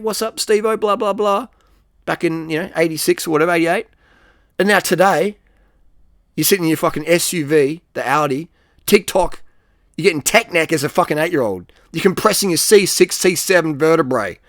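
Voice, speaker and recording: A middle-aged man rants in a blunt, cursing, rambling monologue. His voice sits fairly high for a man, and his sentences fade into low, soft tails. The recording is dry and close. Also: normal speed, dry recording. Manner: blunt, profane, emphatic, trailing off on "man". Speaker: vlogger giving advice.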